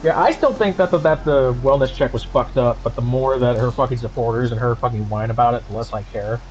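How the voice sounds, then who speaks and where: A man's voice: mid-range voice, fairly quick, a little mellow, lo-fi sound, soft background music. A man streaming from home, ranting angrily and sarcastically with heavy profanity as the channel's host.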